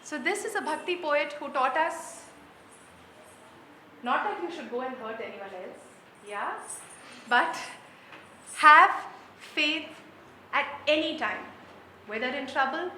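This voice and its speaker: A woman telling a folk tale to children in an animated way, questioning her audience as she goes. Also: high voice, slow, pauses often, a little hiss or hum. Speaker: storyteller. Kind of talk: interactive storytelling for children. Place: performance room with an audience. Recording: roomy hall with light ambience.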